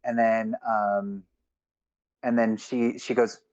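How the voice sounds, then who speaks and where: A man acting as game master, narrating a tabletop game in a halting way with many fillers. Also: mid-range voice, darkish tone, low-quality recording.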